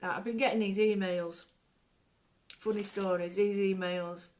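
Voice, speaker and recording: A woman's voice: medium pitch, steady tone, measured pace, darkish tone. A middle-aged woman hosting a casual craft tutorial, chatty and jokey, drifting off into stories. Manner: chatty, digressive, jokey storyteller. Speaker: art workshop host.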